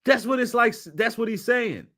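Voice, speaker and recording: A man commentating on video clips in a casual, mocking way, swinging between low mutters and loud outbursts. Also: lively intonation, moderate pace.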